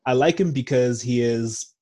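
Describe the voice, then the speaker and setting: A young Zimbabwean man with an American accent co-hosts a podcast, wandering off on tangents in casual chat and often correcting himself. His voice is medium-pitched and dark, moving at a moderate pace.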